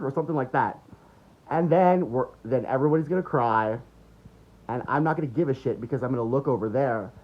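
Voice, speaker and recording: A man's voice: medium pitch, fast. A man delivering an angry, mocking political rant full of swearing. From United States. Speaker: political commentator. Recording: dull lo-fi recording.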